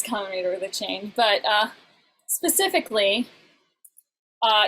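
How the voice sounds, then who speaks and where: Woman teacher, fairly high voice, halting explanatory delivery, faint background noise. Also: fairly bright tone, rough recording. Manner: explains in halting bursts, breaks into short sung examples. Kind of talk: online class lecture.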